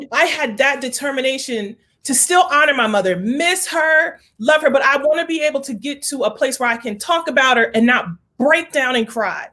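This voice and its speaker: A woman's voice: high-pitched, fairly bright tone. A woman hosting a heartfelt conversation, speaking earnestly and with emotion, slipping into prayerful pleading. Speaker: host.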